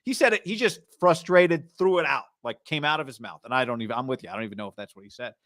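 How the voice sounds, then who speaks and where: A man co-hosting a sports talk show, chatting casually at an average pitch. He argues his points with emphasis and slips into quoted voices now and then. The sound is dry and close. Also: quick pace, a bit bright, no room sound. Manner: conversational, emphatic, acts out quotes.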